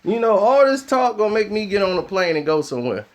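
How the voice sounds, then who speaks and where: A man's voice: high voice, sing-song, fast. A man ranting casually to the camera with slangy talk, telling funny stories and laughing often. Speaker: vlogger. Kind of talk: casual comedic rant to camera.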